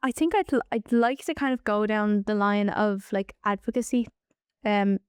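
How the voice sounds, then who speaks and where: A woman's voice: medium pitch, normal speed, clean tone, no echo, studio quality. A young woman, chatting loosely about her work and plans and leaning on lots of "like". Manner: chatty, loose storytelling full of "like". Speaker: interviewee, staff member. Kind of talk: casual conversation.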